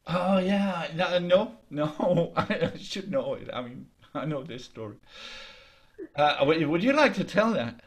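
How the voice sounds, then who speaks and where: A man telling a folk tale in a lively, halting way, over a video call. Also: a little high. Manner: lively, halting with restarts, laughs along. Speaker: storyteller. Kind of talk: oral folk storytelling.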